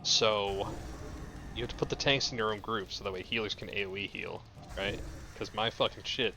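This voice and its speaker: A man's voice: on the low side, moderate pace, noisy background. A man streaming a game live, explaining mechanics in a rambling, profanity-filled casual way at his desk mic. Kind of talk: casual live gameplay commentary.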